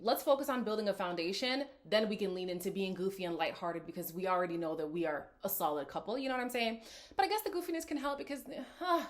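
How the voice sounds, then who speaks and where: A woman's voice: medium pitch, lively intonation, fast. Sassy woman recapping reality TV. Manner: sassy, laughing, talks straight to viewers. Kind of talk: casual reaction commentary.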